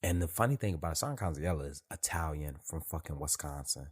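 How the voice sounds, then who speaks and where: A man with a low, husky voice telling stories in a loose, profane monologue full of street slang. He talks casually and gets animated. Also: quick pace. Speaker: host.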